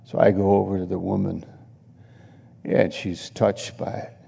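A man's voice: deep voice, level tone, measured pace, vocal fry, mellow, breathy edge, big-room sound. A man preaching a sermon, telling chatty stories with laughs and acted-out quotes. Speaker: pastor. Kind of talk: sermon storytelling.

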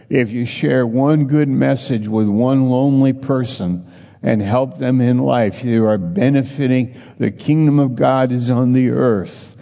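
A man's voice: medium pitch, vocal fry, mellow. A man in his sixties preaching a sermon with a personal testimony, earnest and conversational, repeating his phrases. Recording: long reverb of a large hall.

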